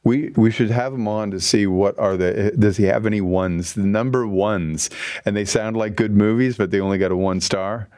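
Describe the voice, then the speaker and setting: Lower-voiced man hosting, rambling casually. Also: steady tone, moderate pace, a little mellow, no echo, clean studio sound. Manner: rambling, self-correcting. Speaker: host. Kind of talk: casual chat.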